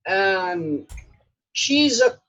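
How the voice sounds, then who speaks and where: A man from Brazil with a Brazilian Portuguese accent, a guest blacksmith chatting casually over a call, halting as he searches for words in a language that is not his first. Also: high-pitched, expressive, sharp tone, no room sound. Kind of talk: casual video call chat. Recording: muffled call audio.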